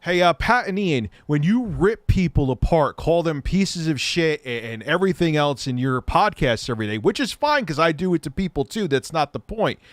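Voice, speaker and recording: A male livestream host with a slightly high voice who rants bluntly and swears freely. His recording is dry and close. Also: big pitch swings, normal speed, few pauses, no echo. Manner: blunt, ranting, profane. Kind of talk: casual livestream chat.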